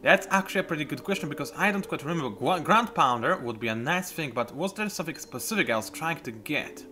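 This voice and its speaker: A man's voice: on the high side, lively intonation, fast talker, bright, forceful tone, faint music behind. A man, chatting casually and rambling off topic while commenting on a game he plays at home. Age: 20s. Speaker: let's play host. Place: home room.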